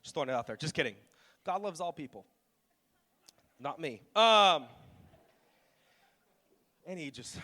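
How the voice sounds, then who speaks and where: Man, pastor, high bright voice, joking sermon, long hall echo, faint music. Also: lively intonation, unhurried, pauses often. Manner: casual, joking, self-deprecating. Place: large church auditorium.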